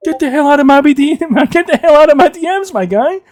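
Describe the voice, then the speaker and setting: A man doing an impression of a brash, bullying male movie thug who shouts sneering taunts. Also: extremely high pitch, animated, a little fast, pitched above the performer's own voice.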